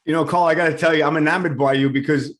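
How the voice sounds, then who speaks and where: A man's voice: a little high, steady tone, rapid-fire. A man from Queens, hosting an interview in a restless, enthusiastic way. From Queens, New York. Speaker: host. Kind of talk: casual interview conversation.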